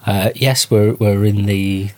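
Low-voiced male interview host. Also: fairly even intonation, takes it slowly, a little mellow. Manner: hesitant, stumbling starts. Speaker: podcast host. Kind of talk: casual interview.

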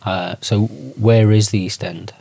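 Low-voiced man asking probing questions. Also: slow, gravelly, warm tone, breathy edge. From Liverpool. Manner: thoughtful, probing questions with hesitations. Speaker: interviewer. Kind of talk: conversational interview.

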